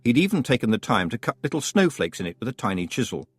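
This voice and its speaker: A man narrating a fantasy audiobook with expressive, wry storytelling. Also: mid-range voice, fast, slightly rough, no room sound. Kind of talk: scripted narration.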